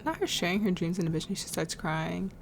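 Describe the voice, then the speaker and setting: A woman's voice: fairly low pitch, a little fast, gravelly. A woman hosting a life-sim game playthrough, chatting casually about what her characters are doing and laughing often. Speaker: let's play host. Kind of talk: casual gameplay commentary.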